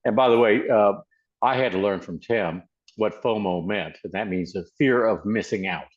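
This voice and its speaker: An American man in casual chat, talking haltingly with many repeated words. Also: on the low side, muffled recording. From United States.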